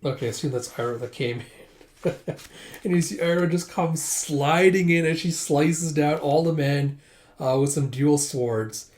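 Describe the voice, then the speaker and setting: A man's voice: a little high, unhurried, darkish tone. A man casually reading through a comic aloud, retelling scenes with lots of "it's like.". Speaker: manga readthrough host. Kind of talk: casual read-aloud commentary.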